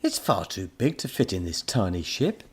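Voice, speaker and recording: A man voicing a kindly old grandfather tinkerer who speaks calmly and gently in a storybook. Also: deep voice, moderate pace, breathy edge, exaggerated voice. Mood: gentle. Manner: calm, gentle, reassuring.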